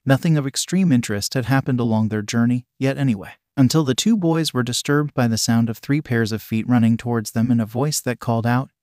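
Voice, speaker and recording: A man narrating a fan-fiction story in a steady, even reading voice. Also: mid-range voice, brisk, few pauses, no room sound, clean studio sound.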